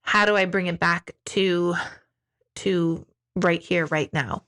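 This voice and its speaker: A woman in her forties hosting a casual live stream, reading viewer comments aloud and speaking candidly, acting out quotes with big jumps in pitch. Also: steady tone, slow pace, fairly bright tone.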